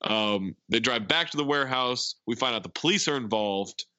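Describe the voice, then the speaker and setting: A man talking casually as a podcast host, recapping a film plot with animated asides. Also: mid-range voice, normal speed, no echo, dull audio. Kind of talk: casual chat.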